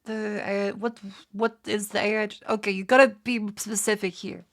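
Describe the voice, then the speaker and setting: A woman's voice: medium pitch, flat delivery, moderate pace. A woman with an Australian accent, chatting casually on a livestream and swearing freely. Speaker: streamer.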